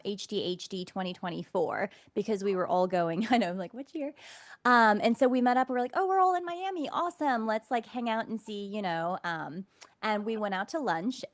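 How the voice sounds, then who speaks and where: A woman hosting a casual interview, bubbly and enthusiastic, often affirming her guest. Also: mid-range voice. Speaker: interview host.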